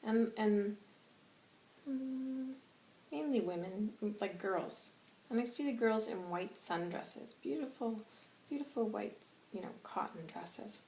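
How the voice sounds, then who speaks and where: A woman's voice: on the high side, slow pace, darkish tone. A woman channeller chatting through a monthly reading, rambling and laughing as she goes. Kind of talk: casual spoken reading. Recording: roomy with faint hiss.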